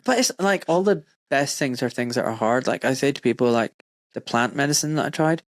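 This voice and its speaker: A man hosting a podcast, telling stories in a casual, animated way and swearing freely. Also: fairly quick, dry recording, clean studio sound. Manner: animated storyteller, swears freely, voices his wife and mother in high tones. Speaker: podcast host. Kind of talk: casual chat.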